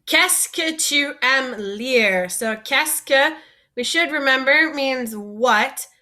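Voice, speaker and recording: A woman's voice: sits high, slow pace, sharp tone. A woman teaching a French vocabulary lesson, patiently asking learners to repeat words after her.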